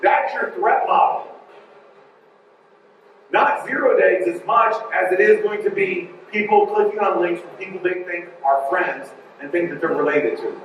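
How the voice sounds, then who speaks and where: A high-voiced man delivers a joking, animated conference talk at an unhurried pace, often wandering off on tangents. He sounds distant from the mic in a large, very echoey hall, with a faint room hum and slight background noise behind him.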